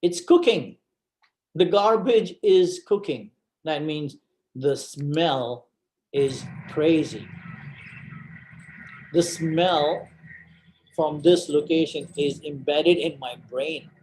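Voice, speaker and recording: Man telling a dramatic story, slow. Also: fairly high pitch, a little mellow. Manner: dramatic, emphatic repetition. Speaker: guest speaker. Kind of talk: personal storytelling presentation. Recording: roomy event hall.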